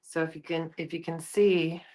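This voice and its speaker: A woman co-hosting a casual live quilting product show, adding short agreeable remarks and slow explanations. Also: low voice, level tone, a little mellow.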